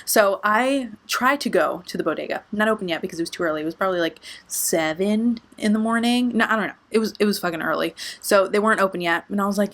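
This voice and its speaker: A young woman vlogger telling a storytime tale in a lively, expressive way, swearing freely. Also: mid-range voice, fast talker, hardly any pauses. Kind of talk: storytime vlog.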